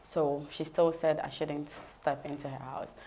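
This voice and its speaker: A woman's voice: low-pitched, little pitch movement, unhurried, gravelly, mellow, a little hiss or hum. A woman with a Ghanaian accent, an interview guest vividly telling her personal story and acting out the dialogue.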